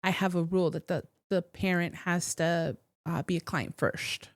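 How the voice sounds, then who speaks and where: A woman guest, a psychic and teacher, telling a personal story in a casual interview, emotional and close to tears, with halting restarts. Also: on the low side, steady tone, no echo.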